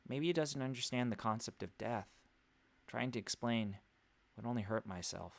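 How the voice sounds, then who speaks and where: A man's voice: mid-range voice, moderate pace, gravelly. Wry let's-play man reading a game. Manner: wry, exasperated asides. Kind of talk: reading a visual novel aloud with commentary.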